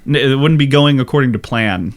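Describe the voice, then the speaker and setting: A man co-hosting a casual history podcast, explaining things in a slow, deliberate way. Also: mid-range voice. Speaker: podcast co-host.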